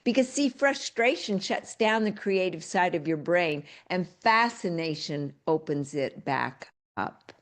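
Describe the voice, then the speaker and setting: Emphatic older woman coaching, lowish voice. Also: lively intonation, measured pace, few pauses. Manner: emphatic, folksy and direct. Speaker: real estate coach. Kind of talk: motivational talk.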